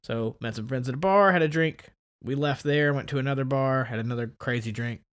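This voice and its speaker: A man's voice: a little fast, smooth. A man co-hosting a podcast, telling a story in casual chat and acting out the people in it. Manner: animated, acts out quoted people with big pitch jumps. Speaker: podcast co-host.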